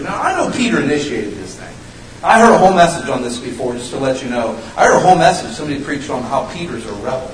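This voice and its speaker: A male pastor preaches with a lot of energy, jumping from loud, high outbursts to quiet, low asides. His voice sits on the high side for a man. The room is echoey, and the mic picks him up from some distance, with a faint background hum. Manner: animated, swings from loud high bursts to low hushed lines. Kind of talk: sermon. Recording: roomy echo, mic at a distance.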